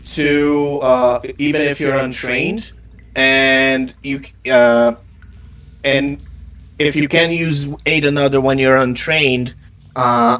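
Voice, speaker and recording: A man at a tabletop game table, making his case about a rule in a hesitant, filler-laden way. His voice is of ordinary pitch for a man. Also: a bit bright. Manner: hesitant, filler-heavy arguing. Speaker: player. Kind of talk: casual chat at a tabletop game.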